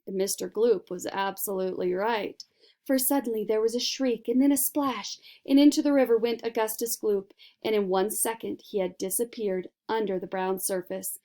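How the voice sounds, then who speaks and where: A woman reading a children's storybook aloud with expressive, dramatic narration. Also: medium pitch, normal speed. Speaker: reader.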